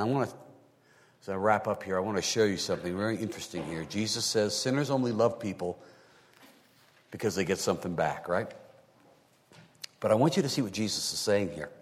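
A male pastor delivering a sermon, talking through scripture and often rising into high, emphatic bursts. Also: long reverb tail.

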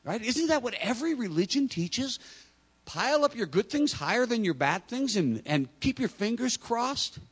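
A man's voice: very high voice, big pitch swings, normal speed, slightly rough. A man preaching a sermon, talking to the congregation directly and acting out imagined speakers. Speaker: pastor.

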